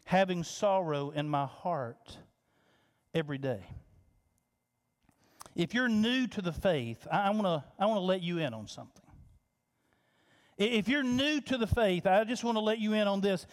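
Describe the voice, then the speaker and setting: A man's voice: high-pitched, animated, a little fast. A man preaching a sermon as pastor, impassioned, repeating phrases and restarting with stammers. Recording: long hall reverb.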